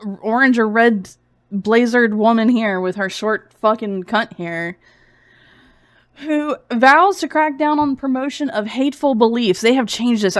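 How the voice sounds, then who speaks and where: A woman's voice: on the high side, no echo, clean studio sound. A young woman streaming sarcastic commentary, mocking and giggly, sounding a bit feverish.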